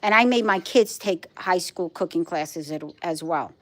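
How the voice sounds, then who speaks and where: A woman's voice: on the low side, normal speed. Chatty Brooklyn woman live-streaming. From Brooklyn, New York. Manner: chatty, emphatic, repeats herself. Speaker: livestream host. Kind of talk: casual live chat with viewers.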